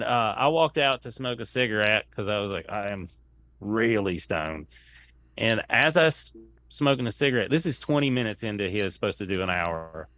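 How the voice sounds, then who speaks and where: A man's voice: medium pitch, a bit bright, no room sound. Man rambling through a comedy story. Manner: rambling anecdotes, acting out quoted lines. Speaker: comedian guest. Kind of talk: casual storytelling chat.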